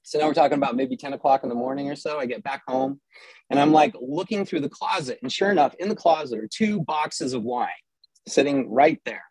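A man's voice: medium pitch, fairly quick, a little mellow, breathy edge, no echo, low-quality recording. A middle-aged man from Southern California telling a personal story with wry, self-mocking humor and frequent restarts.

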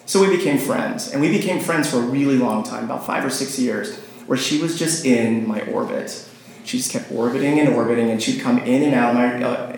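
A man's voice: medium pitch, a little mellow. A man telling a rambling personal story, with many fillers and restarts, often laughing and acting out phone calls. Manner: acts out phone calls in quoted voices. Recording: very echoey room, faint noise.

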